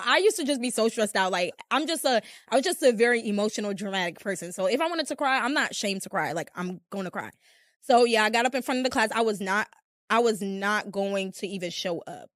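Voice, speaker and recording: Young woman, podcast host, casual rambling storyteller, slightly high voice, dry close recording. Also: fairly bright tone, dry recording. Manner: chatty, rambling, heavy use of filler "like". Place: room with a small live audience.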